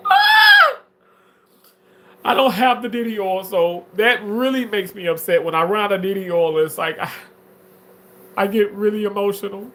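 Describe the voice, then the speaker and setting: A livestreamer reading viewer comments in casual chat, drawling with many fillers and swinging into shrill, theatrical mock wailing. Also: normal speed, background noise. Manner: drawling, filler-heavy talk. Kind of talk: casual live-stream chat.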